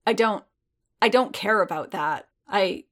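A woman's voice: mid-range voice, a little slow. A woman voicing a blunt, guarded adult male warrior who speaks in clipped, direct lines. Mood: earnest.

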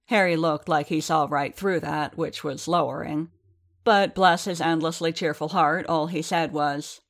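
A woman narrating a novel, with a low, grounded voice. Her reading is measured and steady, a calm scripted storytelling pace. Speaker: audiobook narrator.

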